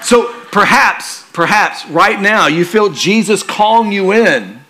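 A male pastor preaching a sermon in a conversational, joking style that turns quiet and earnest for emphasis. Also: sits high, expressive, slow pace, a little hiss or hum.

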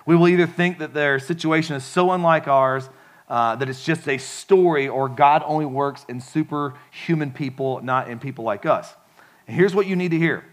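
Man, pastor preaching, casual conversational sermon, slightly high voice. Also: moderate pace. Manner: casual, animated and conversational, with frequent "like" and asides to the congregation.

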